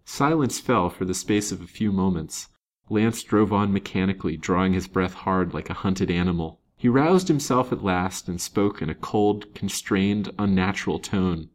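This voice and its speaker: A man with a very low voice narrates an old serial novel. He reads in a measured, dramatic storybook style. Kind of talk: storybook reading.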